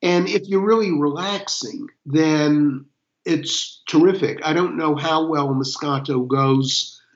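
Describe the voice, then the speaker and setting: An older man, an interview guest, speaking slowly and thoughtfully with soft chuckles. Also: fairly high pitch. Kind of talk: casual interview chat. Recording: echoey, dull lo-fi room sound.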